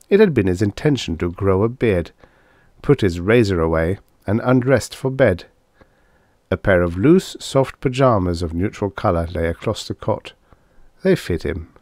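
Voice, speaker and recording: A man narrating a vintage science fiction story aloud in an expressive, lilting storytelling manner. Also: fairly low pitch, no echo, studio quality. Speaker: audiobook narrator. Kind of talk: scripted narration.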